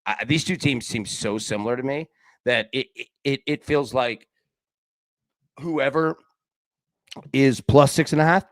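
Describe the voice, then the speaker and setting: Host of a betting stream: man, mid-pitch, casual slangy delivery, dry close mic. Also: measured pace, long pauses, dry recording. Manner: casual, talks to chat viewers with slang like buddy and man; frequent fillers and restarts. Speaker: sports betting show host. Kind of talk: live-stream betting picks chat.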